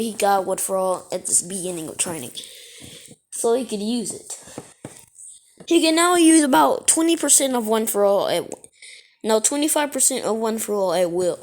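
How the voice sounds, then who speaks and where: A woman's voice: fairly high pitch, a little mellow. Woman rambling through a fan story. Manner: rambling, self-correcting storytelling. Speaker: narrator. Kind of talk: casual fan story retelling.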